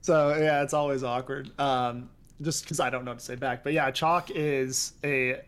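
A man's voice: medium pitch, fairly even intonation, normal speed, fairly bright tone, clean tone. A man in his thirties chatting as a podcast guest, rambling with many fillers and restarts. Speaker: guest pixel artist. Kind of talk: casual podcast chat.

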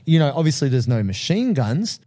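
A man in loose, animated conversation about films, his voice warm and mellow rather than bright. He swears freely and jumps into acted-out movie lines with excitement. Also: fairly high pitch, fairly quick. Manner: animated, swearing, acts out film quotes. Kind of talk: casual movie chat.

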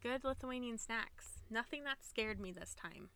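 A woman's voice: on the high side, a little slow, fairly bright tone. A woman co-hosting a podcast, chatting casually and playfully, laughing often as she stumbles over foreign words. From USA. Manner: giggly, playful, struggles with pronunciation. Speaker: podcast co-host. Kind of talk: casual chat.

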